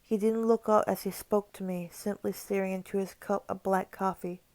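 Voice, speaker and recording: A woman's voice: medium pitch, fairly even intonation, moderate pace, darkish tone, dry recording. A woman reading a horror story aloud as a channel narrator, stumbling over words now and then and dropping casual asides between passages. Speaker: creepypasta narrator.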